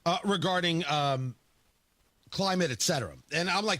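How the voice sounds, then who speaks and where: A man's voice: a little high, moderate pace, pushed and bright, dry recording. A male talk radio host delivering an opinionated, sarcastic monologue from a studio, mocking opponents in quoted voices. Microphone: studio microphone.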